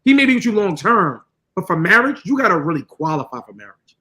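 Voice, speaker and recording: High bright-voiced blunt podcast man. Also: sing-song, fast talker, poor audio. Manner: blunt, profane, lecturing. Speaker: podcast co-host. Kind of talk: casual podcast talk.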